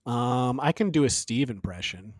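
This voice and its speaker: A man co-hosting a podcast, talking casually with a pitch that swings up and down a lot. He rambles through asides and laughs often. The sound is close and dry, with no room around it. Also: lively intonation, normal speed, no echo. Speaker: podcast co-host. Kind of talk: casual chat.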